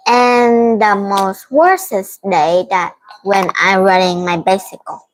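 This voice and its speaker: A woman's voice: mid-range voice, slow, slight background noise, rough recording. Young vietnamese girl practicing english, hesitant, lots of restarts. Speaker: student. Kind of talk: practicing conversational English in a lesson.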